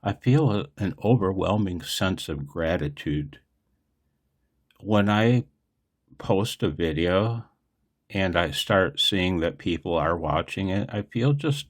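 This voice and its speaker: Low, husky man for a laid-back radio hobby vlog, slow and chatty, wanders off topic. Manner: rambling, chatty, digressive. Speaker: amateur radio operator. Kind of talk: casual explanatory vlog.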